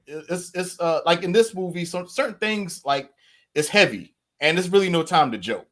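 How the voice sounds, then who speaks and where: A man speaking as a guest in a casual movie review chat, animated and full of stammering restarts. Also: sits high, normal speed. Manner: animated, stammering restarts, frequent "you know".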